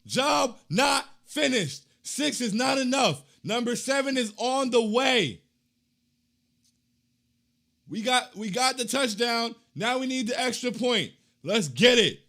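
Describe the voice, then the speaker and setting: A young man hosting a casual postgame chat, reading fan comments in a hyped, slangy way that swings between loud chanting and low muttering. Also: animated, unhurried.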